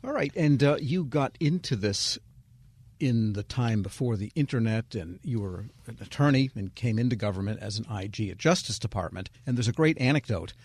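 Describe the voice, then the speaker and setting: Husky-voiced interview host. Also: male voice, mid-range voice, expressive, normal speed, darkish tone, no room sound. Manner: conversational, steering the interview. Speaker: radio show host. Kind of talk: interview questions.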